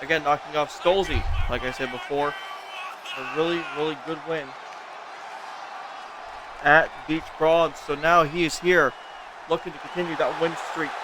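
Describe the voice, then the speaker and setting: A man's voice: a little high, background noise. A man commenting on wrestling matches while out of breath, chatting casually with self-mocking asides. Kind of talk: casual game-league commentary. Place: indoors at a desk chair.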